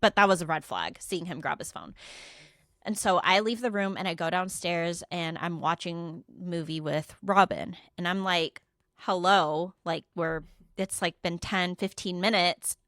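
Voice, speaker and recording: A woman's voice: on the low side, moderate pace, fairly bright tone, no echo, studio quality. A young adult woman co-hosting a podcast, casually telling a story, acting out quotes and swearing freely. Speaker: podcast co-host.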